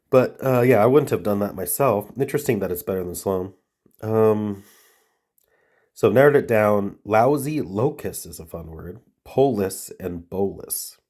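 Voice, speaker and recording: A man's voice: lowish voice, darkish tone. A man with a stuffy head cold, thinking aloud and muttering as he works through word puzzles. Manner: muttering, trailing off, reading words aloud. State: congested from a cold. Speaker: puzzle-solving video host.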